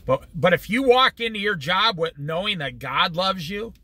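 A man teaching a conversational Bible study with humor, often acting out quick everyday voices. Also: high-pitched, lively intonation, pushed and bright.

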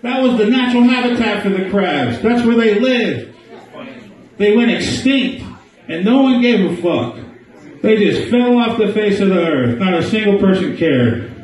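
A man's voice: high voice, lively intonation, normal speed, a little mellow, recorded from a distance. A man doing a crude live stand-up set in a small bar, riffing with the crowd. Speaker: stand-up comedian. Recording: echoey bar, mic heard from afar.

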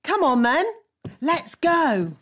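A woman's voice: sits high, very animated, slow pace, a bit bright, slight background noise, full character voice. A woman voicing a bossy, fussy fairy nanny in a cartoon, with a matter-of-fact, sing-song way of talking. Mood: knowing. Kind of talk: cartoon voice acting.

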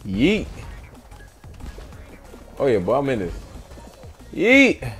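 A man's voice: mid-range voice, wildly swooping pitch, drawn-out words, fairly bright tone, slightly rough, soft background music. A young man hosting a gaming channel, giving hyped let's-play commentary, trash-talking and chanting catchphrases while he plays.

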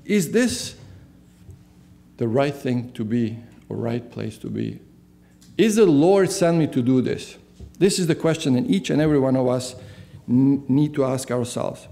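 A man's voice: mid-range voice, lively intonation, unhurried, gravelly, warm tone. A man preaching a sermon as pastor in a church. He asks the congregation questions and then answers them himself. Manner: answers his own questions.

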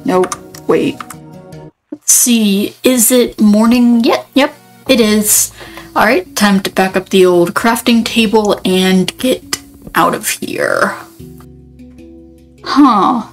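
A woman's voice: medium pitch, slow, pauses often, faint music behind, low-quality recording. A woman giving casual gameplay commentary, rambling and thinking aloud, often cutting herself off mid-sentence. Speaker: let's player.

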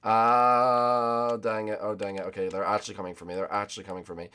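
A man hosting a gaming channel, rambling excitedly to viewers while racing. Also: sits low, rapid-fire. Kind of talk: casual gameplay commentary.

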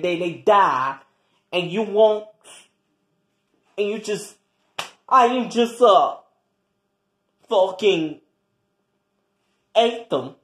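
Comic quarrel voice, profane and taunting, slow delivery, lively pitch, echoey room. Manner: profane, taunting, trash-talking; swings between loud jeers and low mutters. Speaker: comedy skit performer. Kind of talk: improvised comic quarrel between roommates.

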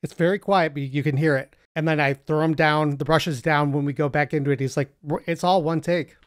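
A man hosting a music podcast in casual chat, telling stories and quoting people in animated voices. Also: on the high side, brisk, smooth, no room sound, clean studio sound. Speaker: podcast host.

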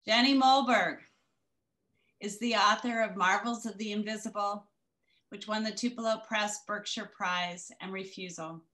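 A woman's voice: mid-range voice, fairly even intonation, moderate pace, pushed and bright, low-quality recording. A woman hosting an online reading, reading a poet's bio aloud with enthusiasm. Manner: enthusiastic, reads bios aloud. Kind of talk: reading introductions. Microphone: video call.

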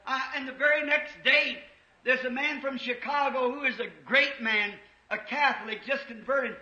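A man preaching an impassioned revival sermon in a church, rising to shouts at the peaks. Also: very high-pitched, fairly even intonation, normal speed. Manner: impassioned, shouting at peaks, old-time Southern US preaching cadence. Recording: echoey church, dull 1950s tape.

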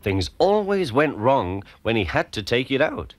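Storybook narrator, a man, slow and richly expressive. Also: medium pitch, faint music behind.

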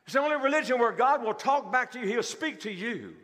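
A man's voice: very high voice, animated, fast talker, a bit bright. A male pastor preaching a sermon to a congregation, asking rhetorical questions and repeating key phrases. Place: large church hall. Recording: long hall reverb.

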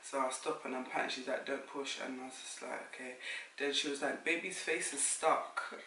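A young woman, telling a lively story to camera as a vlogger and acting out what others said. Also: extremely low pitch, moderate pace, a little hiss or hum. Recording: roomy sound, mic at a distance.

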